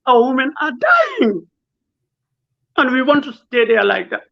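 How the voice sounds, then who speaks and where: A man's voice: extremely high pitch, wildly swooping pitch, a little slow, gravelly. A man, a lawyer speaking as an interview guest, emotional and pleading, firing off rhetorical questions. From Gambia. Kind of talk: impassioned interview talk. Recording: dull lo-fi sound.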